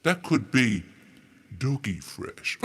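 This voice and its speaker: A man hosting a casual demo of audio effects, his voice run through a harmonizer pitch effect, joking and rambling in a self-mocking way. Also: husky. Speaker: host demonstrating audio effects.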